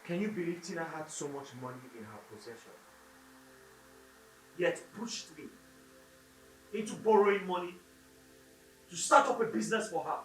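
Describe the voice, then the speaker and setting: A man's voice: high voice, expressive, normal speed, pauses often, rough recording. An actor with a Nigerian accent playing a heartbroken, bitter husband in a Nollywood film, with music under his voice. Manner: bitter, accusing, shouting at times. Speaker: wronged husband. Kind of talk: Nollywood screen acting.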